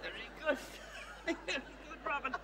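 A man's voice: animated, moderate pace, heavy background noise. A man playing a brash, self-adoring older woman diva with an Australian accent, doing live stage comedy. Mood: bossy. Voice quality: high, bright and theatrical. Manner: bossy, fussing and self-adoring. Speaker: comedy host. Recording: live theatre with hall reverb.

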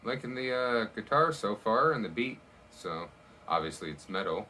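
A man's voice: on the low side, lively intonation, moderate pace, far from the mic, poor audio. A man hosting a music reaction video, chatting casually and thinking aloud, a little unsure of himself.

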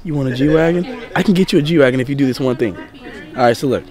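A man's voice: medium pitch, fast, a crowd in the background. A young man vlogging outdoors at night, joking and teasing while filming on a handheld phone. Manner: joking, teasing, laughing often. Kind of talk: casual prank vlog.

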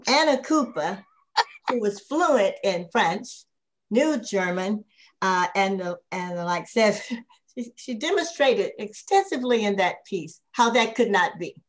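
A woman's voice: mid-range voice, expressive, measured pace, a little hiss or hum. A woman history professor speaking on a panel, thoughtful, with many fillers and restarts. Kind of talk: panel discussion.

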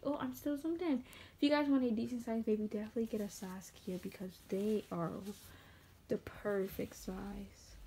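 A young woman vlogging casually as she unboxes something, gushing and often dropping into breathy whispers. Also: fairly high pitch, dark tone, slight background noise.

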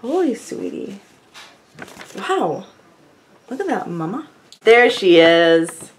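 Woman vlogger, chatty and effusive, very animated pitch. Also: takes it slowly, a little hiss or hum. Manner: gushing, effusive; chatty, rambling with fillers. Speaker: beauty vlogger opening fan mail. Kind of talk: casual chat to camera.

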